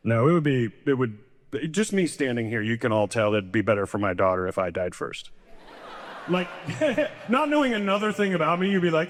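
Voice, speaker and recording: A man performing a stand-up comedy set, self-deprecating, often jumping up in pitch to play the people in his stories. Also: sing-song, fairly quick. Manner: self-deprecating, jumps into high-pitched voices for quoted people. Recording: echoey hall reverb.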